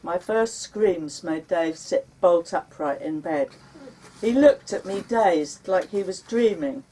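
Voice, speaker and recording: A woman author reading her memoir aloud at a bookshop launch, unhurried and turning dramatic when she quotes her past self. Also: fairly low pitch, expressive, warm tone. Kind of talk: live reading of memoir prose. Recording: recorded from a distance.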